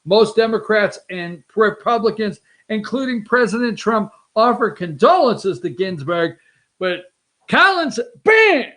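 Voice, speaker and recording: A man hosting a political talk show, brash and excitable, with sarcastic asides. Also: high-pitched, a little slow. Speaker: show host. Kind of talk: animated political commentary.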